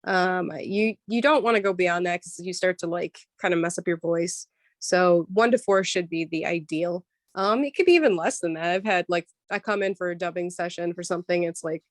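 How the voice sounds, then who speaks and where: Woman, voice actor guest, lower register, dry close sound, animated and chatty. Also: brisk, no echo. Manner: lively, explanatory, frequent "um" and "like". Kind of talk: casual interview chat.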